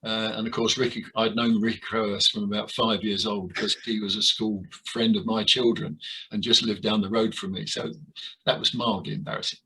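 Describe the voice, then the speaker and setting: An older man being interviewed about his years in amateur theatre, talking with many pauses, fillers and restarts. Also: on the low side, little pitch movement, pushed and bright, slightly rough, rough recording. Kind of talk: reminiscing interview.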